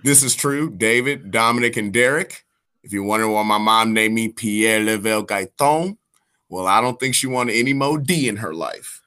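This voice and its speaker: A man's voice: on the low side, normal speed, sharp tone, clean tone. A male comedian guest telling stories and jokes in a casual podcast chat. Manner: storytelling, joking.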